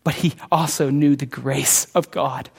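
A pastor delivering a sermon, swinging between hushed and loud, emphatic passages. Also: male voice, mid-range voice, steady tone, a little slow, creaky, breathy edge, long reverb tail.

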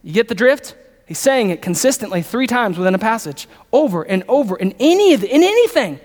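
A man's voice: high voice, animated, fairly quick, a little mellow. A man preaching a sermon as pastor, repeating phrases, building emphasis and putting questions to his audience. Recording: long reverb of a large hall.

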